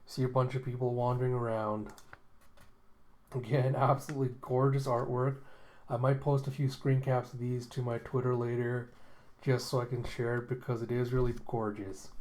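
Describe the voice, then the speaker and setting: A man's voice: medium pitch, darkish tone. Casting: easygoing man narrating comic panels, loose and chatty, plenty of "uh" and "like". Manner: rambling, many fillers and chuckles. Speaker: manga readthrough host. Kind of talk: casual reading commentary.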